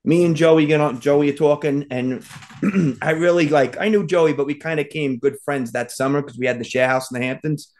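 A man telling a long story to friends on a podcast, in a rambling way that keeps circling back with fillers. His voice sits a little high for a man. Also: steady tone, normal speed, darkish tone. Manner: rambling, full of "like" and "you know". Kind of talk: casual storytelling chat.

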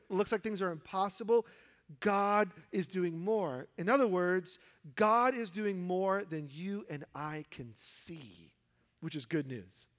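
A man preaching a sermon, animated, mimicking the voices of people in the stories he tells. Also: sits high, long reverb tail. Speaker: pastor.

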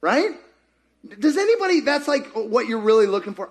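Animated preacher, man with a high voice. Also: normal speed. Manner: animated, rhetorical questions to the congregation. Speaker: pastor. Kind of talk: sermon.

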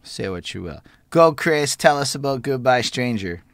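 A man's voice: mid-range voice, animated, moderate pace, fairly bright tone, dry recording, clean studio sound. Slangy, profane man reviewing music. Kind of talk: casual chat.

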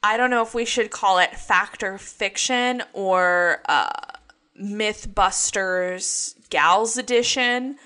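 Bright-voiced young woman podcast co-host. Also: mid-range voice, slow, smooth. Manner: chatty, laughs often, presents researched facts. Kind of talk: casual podcast chat.

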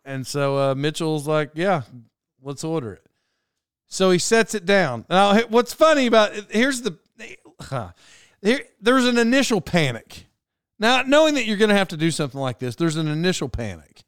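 A young man rattles through a personal story in a casual, rambling way, often breaking off mid-sentence for side notes. His voice sits a little high and sounds smooth and clear. The recording is close and dry. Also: normal speed, no room sound. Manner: animated, self-interrupting. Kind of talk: casual anecdote monologue.

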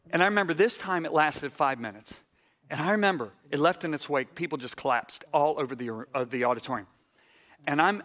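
High, bright-voiced pastor telling a story. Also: male voice, fast talker. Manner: animated, swings from excited outbursts to hushed tones; repeats words and restarts when worked up. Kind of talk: sermon storytelling.

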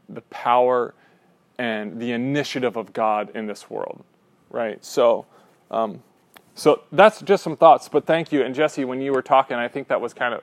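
A man's voice: mid-range voice, dry recording. Dry-sounding young man leading a class. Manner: animated, often checks in with a "right?"; restarts mid-sentence. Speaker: class leader. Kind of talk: teaching discussion.

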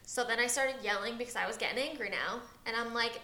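A woman's voice: fairly high pitch, fast talker, sharp tone, reverberant. A woman co-hosting a casual podcast, rambling through a long story about her son and acting out his lines. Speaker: podcast co-host. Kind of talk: casual chat.

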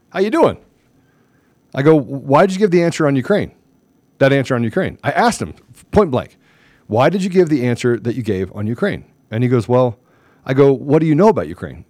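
A man's voice: mid-range voice, no room sound. A man hosting a political commentary show, telling stories emphatically and acting out the dialogue. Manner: emphatic, animated storytelling with quoted dialogue. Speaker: show host.

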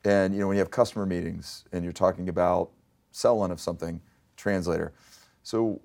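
Low gravelly-voiced executive man. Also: fairly quick. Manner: animated storyteller, acts out quoted dialogue. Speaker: CEO being interviewed. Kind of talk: business interview.

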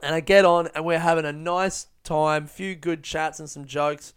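Man, podcast host, casual storytelling, swears a lot, smooth clear voice, a bit high. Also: steady tone, moderate pace. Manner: rambling, profane, self-deprecating. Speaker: podcast host and stand-up comedian.

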